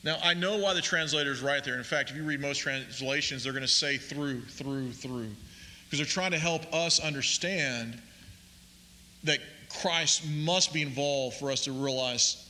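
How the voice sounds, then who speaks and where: Bright-voiced man preaching in a hall. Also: medium pitch, a little hiss or hum. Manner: deliberate, emphatic preaching with slowed key phrases. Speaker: pastor. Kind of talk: sermon.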